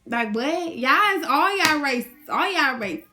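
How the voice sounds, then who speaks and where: A young woman, ranting to her viewers in an animated, indignant, slangy way. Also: high-pitched, slow pace, soft background music. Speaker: vlogger. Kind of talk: casual rant to camera.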